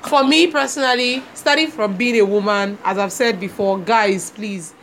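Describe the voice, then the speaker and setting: A woman co-hosting a casual podcast, lively and steering the talk. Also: mid-range voice, moderate pace, slight background noise. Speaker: podcast co-host. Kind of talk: casual rant chat.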